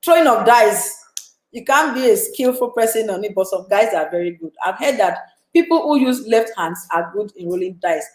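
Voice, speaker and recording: A woman's voice: mid-range voice, moderate pace, echoey room, low-quality recording. A woman with a Nigerian accent hosting a casual live stream, chatting and reading out viewer comments. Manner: chatty, animated, asks viewers questions. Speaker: live-stream show host.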